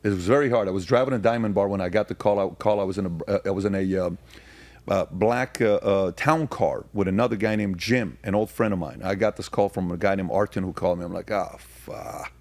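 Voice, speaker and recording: A man with a fairly low voice, talking as a podcast guest in a casual conversation. He tells personal stories and builds to emphatic, rhetorical arguments. The sound is dry and close. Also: fast, a little mellow, no echo. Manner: storytelling, turning emphatic and rhetorical when arguing.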